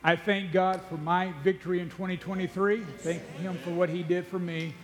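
A man's voice: sits high, level tone. Preaching man in a reverberant church. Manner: preaching with slow, drawn-out emphasis and repeated words. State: gets out of breath easily. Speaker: pastor. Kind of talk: sermon. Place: church sanctuary.

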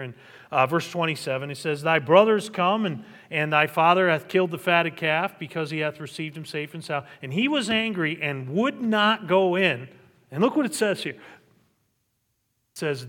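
A man's voice: a little high, a bit bright, in a large hall. A middle-aged male pastor preaching a sermon, reading scripture aloud and building to emphatic peaks. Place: church sanctuary.

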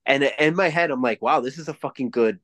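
A man in his forties co-hosting a podcast, chatting casually and telling profane, animated stories. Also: medium pitch, fast, no room sound. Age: 40s. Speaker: podcast co-host. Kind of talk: casual chat.

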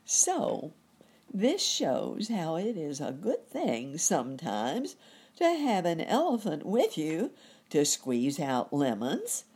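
A woman storyteller reading a children's story aloud in a gentle, expressive way. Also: low voice, takes it slowly, breathy edge.

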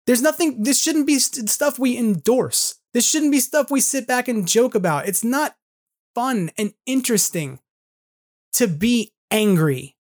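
A man's voice: very high voice, expressive, a little slow. A man in his forties hosting a podcast, delivering an earnest, frustrated solo monologue full of casual fillers. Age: 40s. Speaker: podcast host.

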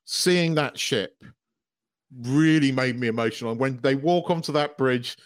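A man's voice: medium pitch, normal speed. A man co-hosting a podcast, gushing and swearing as an emotional fan in casual chat. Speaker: podcast co-host.

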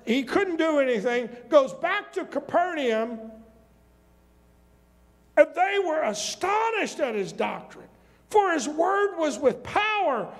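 A male pastor preaching a sermon, reading scripture and turning to the congregation with questions and asides. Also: extremely high pitch. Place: church sanctuary. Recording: long hall reverb.

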